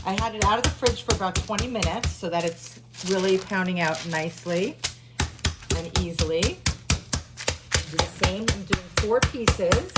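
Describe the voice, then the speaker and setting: A woman's voice: mid-range voice, normal speed, loud music behind the voice. A woman chef giving a chatty, upbeat home cooking demonstration in her kitchen. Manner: chatty and upbeat, laughs at herself. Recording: loud background noise.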